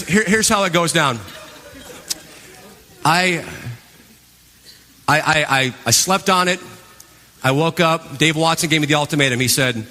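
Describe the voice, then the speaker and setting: A man giving a live stage talk to an audience, telling his story with animated energy and acting out his past reactions. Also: on the high side, unhurried, long pauses. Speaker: motivational speaker. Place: large event hall. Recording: long hall reverb.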